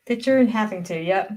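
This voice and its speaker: A woman's voice: mid-range voice, darkish tone. An older woman hosting a livestream, chatting casually, reading viewer comments aloud and laughing often. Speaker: livestream host.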